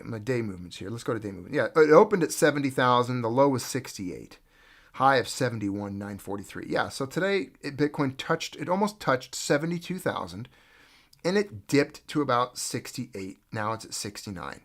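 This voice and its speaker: A man hosting a casual livestream, talking in a sarcastic, rambling way and mocking other people's panic. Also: medium pitch. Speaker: livestream host.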